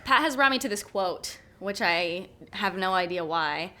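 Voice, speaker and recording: A woman in her late twenties co-hosting a podcast, chatting in a lively way and telling stories with frequent laughter. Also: medium pitch, measured pace. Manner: lively, laughs often, animated storytelling. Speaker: podcast co-host. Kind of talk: casual chat.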